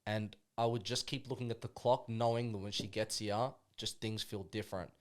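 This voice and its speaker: A man's voice: on the low side, steady tone, moderate pace. A young Australian man, a podcast guest, talking casually and rambling, full of slang and "bro". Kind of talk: casual conversation.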